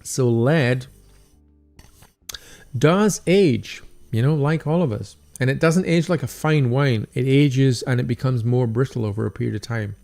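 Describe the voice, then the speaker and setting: An older Scottish man talks with a gravelly edge, steady at a middle pitch. He hosts a casual livestream, offering friendly encouragement and reading viewer comments. Faint music plays underneath. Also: measured pace. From Scotland. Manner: chatty, encouraging, reads viewer comments aloud. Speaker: stained glass artist hosting a livestream.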